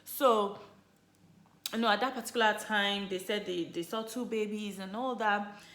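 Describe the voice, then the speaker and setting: Woman vlogging, animated storytelling, lots of you know, kinda echoey room. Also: medium pitch, moderate pace. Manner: chatty, leans on "you know" and "like"; animated, lively retelling. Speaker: vlogger, mother sharing her birth story. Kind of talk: casual storytelling to viewers. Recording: roomy echo.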